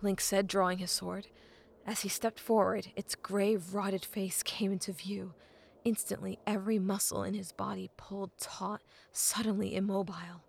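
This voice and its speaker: A woman reading a novel aloud as an audiobook narrator, measured and often dropping to a hushed half-whisper. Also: medium pitch, flat delivery, gravelly, breathy edge.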